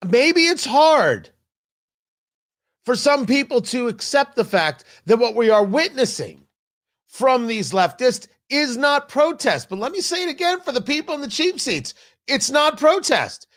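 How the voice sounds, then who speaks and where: A man's voice: very high voice, sing-song, unhurried, a bit bright. A male talk show host, delivering a combative opinion monologue and hammering his points with repetition. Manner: emphatic, combative, repeating lines for stress.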